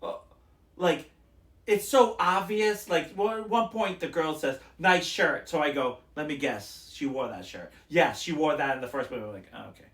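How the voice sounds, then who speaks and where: A podcast co-host with a higher-pitched, fairly bright voice speaks at a normal pace in an echoey room. He rambles through stories in casual chat, acting out what the people in them said.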